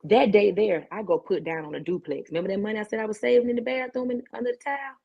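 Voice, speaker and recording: A woman's voice: mid-range voice, fast talker, vocal fry, husky, highs cut off. A woman who is a talk show guest, telling her life story vividly with street slang and lots of repetition.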